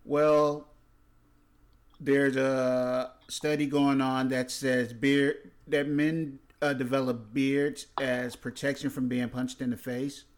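A man's voice: mid-range voice, flat delivery, slow. A man co-hosting a comedy podcast, reading strange news stories aloud with dry asides. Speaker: podcast co-host. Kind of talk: casual comedic podcast chat.

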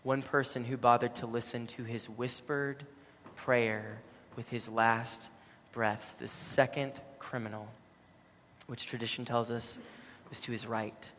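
A man preaching a sermon, telling a story with dramatic swings between loud and hushed. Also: mid-range voice, fairly even intonation, measured pace, slight background noise. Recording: long hall reverb.

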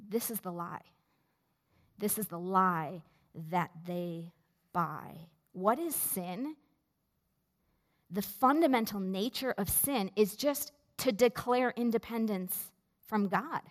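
A woman pastor preaching a sermon in a slow, measured way with deliberate pauses. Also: medium pitch. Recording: long reverb of a large hall.

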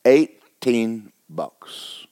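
Male pastor, mid pitch, conversational sermon with rhetorical questions, dry sound. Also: lively intonation, drawn-out words, mellow, no room sound. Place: church sanctuary.

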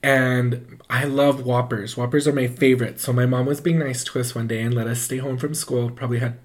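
Rambling, animated male storyteller. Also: medium pitch, brisk. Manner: animated, acts out quoted voices; loose and rambling, full of "like". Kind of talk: casual storytelling.

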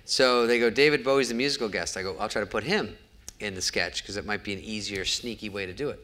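A man's voice: lowish voice, quick pace, bright, forceful tone. A man telling a show-business anecdote before a live audience and acting out every quoted line of dialogue. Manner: storytelling that acts out each quoted exchange. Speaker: guest comedian. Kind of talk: onstage interview storytelling.

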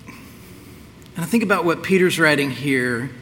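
A male pastor delivers a sermon in a candid, conversational way, with a bright, forward tone. He sits a little high in pitch for a man. A long church reverb hangs behind him, with faint room noise. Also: lively intonation, measured pace. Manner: candid, conversational preaching with restarts. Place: church sanctuary.

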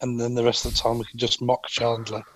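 A man co-hosting a casual podcast chat, with teasing, deadpan banter. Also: mid-range voice, fast talker, rough recording. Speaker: podcast co-host.

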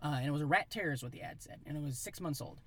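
A man in his thirties from Iowa, telling a rambling, animated story in a casual chat. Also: fairly high pitch, racing. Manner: animated, rambling, acts out voices in quotes.

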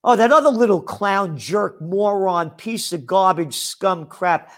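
An older man with a high-pitched voice rants in a scornful commentary monologue. He talks slowly and drags out his words, heaping sarcasm and insults as he goes. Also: lively intonation. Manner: sarcastic, scornful, name-calling. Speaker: trend forecaster and publisher.

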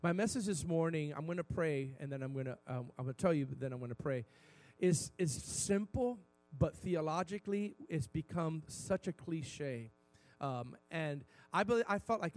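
High-voiced male pastor preaching. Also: fairly quick. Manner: candid, shifts from soft reflection to loud emphatic preaching. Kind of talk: sermon.

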